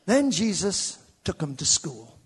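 A man preaching a sermon to a live congregation in a church, swinging from shouted peaks to low, conversational asides and joking with the listeners. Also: big pitch swings, unhurried, slightly rough. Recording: long hall reverb.

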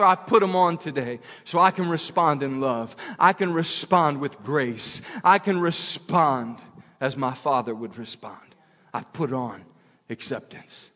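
A man preaching a sermon with passion, repeating his phrases and swinging from loud to hushed. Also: fairly high pitch, expressive, unhurried. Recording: long hall reverb.

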